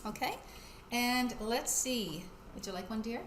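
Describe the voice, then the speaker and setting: A woman's voice: fairly high pitch, expressive, measured pace, a bit bright, echoey room, slight background noise. A middle-aged woman hosting a casual cooking demo at home, chatty and laughing often as she talks to her husband behind the camera. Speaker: wellness channel host. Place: home kitchen.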